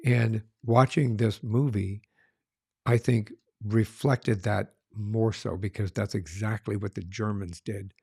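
A man's voice: fairly low pitch, fairly even intonation, takes it slowly, creaky, mellow, husky, no room sound, studio quality. A middle-aged man co-hosting a casual film review chat, talking earnestly and often restarting his phrases.

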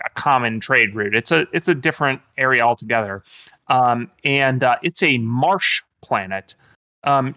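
A man's voice: medium pitch, sharp tone, no echo. A man running a tabletop game as game master, explaining the world in a rambling way with many fillers.

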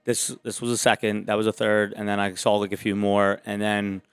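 A low-voiced man tells stories as a podcast guest. He runs a gym and talks in an easygoing, wandering way. The sound is dry and close to the mic. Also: fairly quick, clean tone, no echo. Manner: relaxed, rambling storyteller. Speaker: gym owner and trainer, guest. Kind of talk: casual interview chat.

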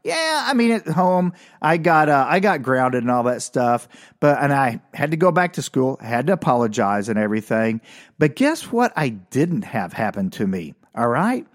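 An older man tells a self-mocking, comedic story about his childhood, animated and packed with sound effects. His pitch is medium and his pace moderate.

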